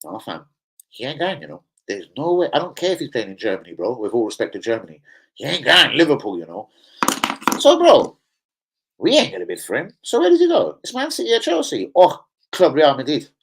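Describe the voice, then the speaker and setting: A man's voice: on the high side, fairly quick, vocal fry, breathy edge, poor audio. A man hosting a fan channel, chatting casually about football, full of slang and swearing. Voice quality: profane, animated, slang-heavy. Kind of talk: casual livestream chat.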